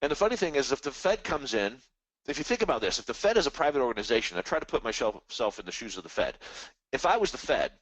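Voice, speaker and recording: A man's voice: medium pitch, very animated, quick pace, fairly bright tone, dry recording. A man hosting a live trading stream, rambling casually and animatedly about markets and the economy, now and then mimicking other people's voices. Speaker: trading webinar host.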